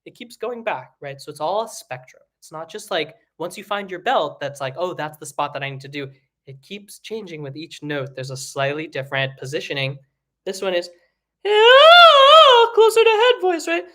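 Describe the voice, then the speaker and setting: A man teaching singing in a casual, rambling way, with many fillers and restarts, breaking into high sung examples. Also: fairly quick, fairly bright tone. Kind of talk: live online singing lesson.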